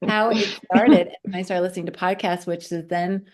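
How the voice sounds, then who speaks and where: Woman telling a story, animated. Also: lowish voice, normal speed, crowd noise. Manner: animated, acts out quoted voices. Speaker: guest. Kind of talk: casual storytelling.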